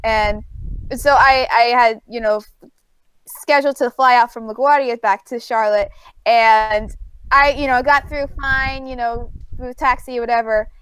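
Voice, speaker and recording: A woman's voice: on the high side, fairly even intonation, measured pace, fairly bright tone, smooth, no room sound. A woman with a New York accent, telling a story in a casual chat as co-host, rambling with lots of fillers.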